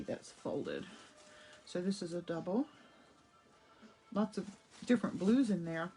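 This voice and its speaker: A woman teaching a live painting and collage demo, chatty and enthusiastic, greeting viewers as she works, a little hoarse from a cough drop. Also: medium pitch, dark tone, a little hiss or hum. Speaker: art instructor. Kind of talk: casual live craft demo. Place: home art studio.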